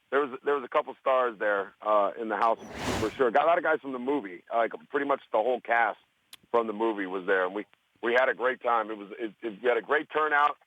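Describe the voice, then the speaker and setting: A man's voice: mid-range voice, fast, no echo, phone-quality sound. A man guesting on a radio show, telling stories in a rambling, self-interrupting way while hungover.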